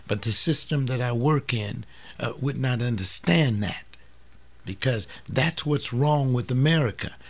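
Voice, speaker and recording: Brief: older male preacher, gravelly, impassioned, drops from loud appeals to near-whispers. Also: medium pitch, a little slow. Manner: acts out family dialogues, swings from loud to hushed. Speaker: teacher giving a sermon-like talk.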